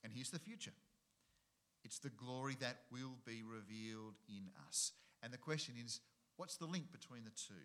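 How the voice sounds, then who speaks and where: A man's voice: medium pitch, pushed and bright. A middle-aged man, preaching a sermon and driving his points home with rhetorical questions and repetition. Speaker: pastor.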